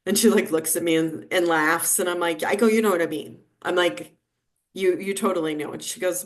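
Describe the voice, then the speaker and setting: A woman's voice: lowish voice, normal speed. A woman in her fifties, a neonatal nurse practitioner, telling a story in a conversational interview and acting out the dialogue of the people in it. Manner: lively anecdotal telling, acting out quoted dialogue.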